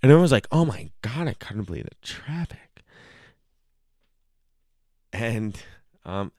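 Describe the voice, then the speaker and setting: A man's voice: medium pitch, very animated, measured pace, mellow, dry recording, studio quality. A young man telling a rambling, profane comic story on his own podcast, often breaking off to joke with listeners. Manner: rambling, self-interrupting, profane. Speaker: solo podcast host. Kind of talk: casual comedic storytelling.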